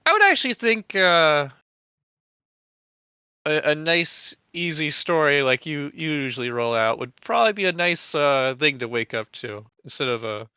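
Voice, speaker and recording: A man running a tabletop game in a bright, smooth voice, rambling through loose, crude narration full of fillers. The sound is dull and lo-fi, like a voice chat mic, and dry with no room echo. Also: on the high side, expressive, normal speed. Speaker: game master.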